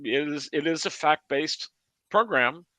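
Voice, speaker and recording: A man's voice: fairly high pitch, a little slow, sharp tone, no room sound. A man co-hosting a podcast in casual chat, laughing often and rambling with repeats. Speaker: podcast co-host.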